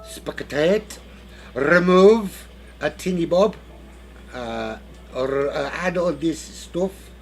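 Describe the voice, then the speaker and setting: A man's voice: fairly high pitch, extremely slow, pauses often. A man giving casual live commentary on a sim race, rambling and joking as he hosts the lobby. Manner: rambling, jokey, self-interrupting.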